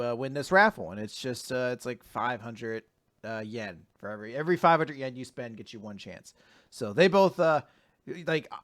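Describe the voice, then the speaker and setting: A man co-hosting a casual recap podcast, animated and laughing often, acting out characters' lines in exaggerated voices. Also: medium pitch. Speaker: podcast co-host.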